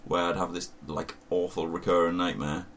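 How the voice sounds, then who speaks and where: A man's voice: low-pitched, little pitch movement, normal speed, a bit bright. A young man with a Northern English accent, a laid-back co-host in casual chat who laughs often. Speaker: podcast co-host. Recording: faint background noise.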